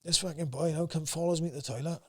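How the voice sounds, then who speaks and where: A man's voice: fairly high pitch, fairly even intonation, fast talker, a little mellow, husky. A man in his thirties with a South Wales valleys accent, a podcast guest who tells rambling anecdotes and swears constantly. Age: 30s. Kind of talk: casual storytelling.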